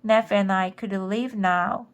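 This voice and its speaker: A woman voicing a quick-thinking young boy, polite and eager, pleading with an ant queen in a storybook reading. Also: medium pitch, steady tone.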